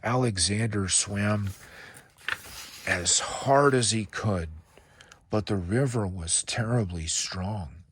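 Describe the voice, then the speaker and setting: A man reading a children's picture book aloud in a calm, measured storytelling voice. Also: fairly low pitch, breathy edge, no room sound.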